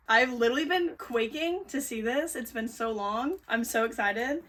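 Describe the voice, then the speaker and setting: A woman's voice: fairly high pitch, moderate pace, recorded from a distance. Gushing young woman with a lilt. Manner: gushing, excitable, gasps and squeals. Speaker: book vlogger. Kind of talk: casual vlog chat.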